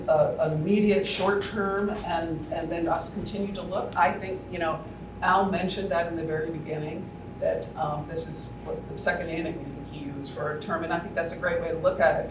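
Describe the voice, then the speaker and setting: Board member heard from across an echoey room. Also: male voice, fairly high pitch. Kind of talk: speaking at a public forum. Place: large meeting room. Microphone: distant room mic. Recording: echoey room audio from far off, noisy.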